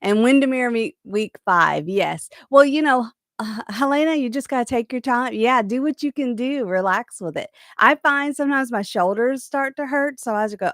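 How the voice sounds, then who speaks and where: A woman's voice: fairly high pitch, moderate pace, fairly bright tone, no room sound, clean studio sound. A woman with a Southern US accent hosting a casual live-stream chat, reading viewer comments and telling stories with easy laughs. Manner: chatty storyteller who laughs easily. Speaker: host of a live crochet chat.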